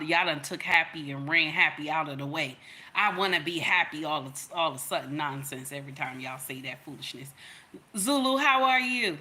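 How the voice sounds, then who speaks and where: Bright-voiced preachy woman livestreamer. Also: fairly low pitch. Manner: emphatic, sermon-like, addresses viewers directly. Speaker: livestream host giving relationship advice.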